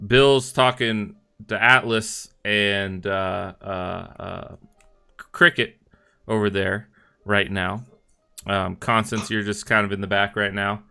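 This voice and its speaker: A man's voice: fairly low pitch, little pitch movement, slow, gravelly, pushed and bright, clear, resonant tone, soft background music. A man narrating as game master in a casual, profane tabletop session, often trailing off with fillers.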